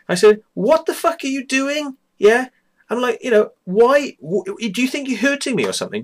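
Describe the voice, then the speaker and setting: A man's voice: mid-range voice, husky. A man telling a personal story to camera, heated and sweary, who keeps checking in with "right?" and "yeah?". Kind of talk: angry personal account to camera.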